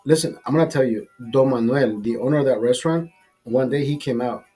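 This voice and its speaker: A middle-aged man hosting a podcast, telling a profane, animated anecdote in casual chat and acting out the quotes. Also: mid-range voice, fairly quick, husky, faint music behind. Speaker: podcast host telling a story.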